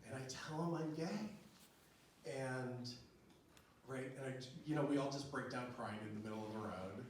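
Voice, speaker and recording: A man's voice: medium pitch, normal speed. A middle-aged man telling a personal story live on stage, chatty and laughing often, with lots of fillers. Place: small venue with live audience. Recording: very echoey room, distant mic, audience noise.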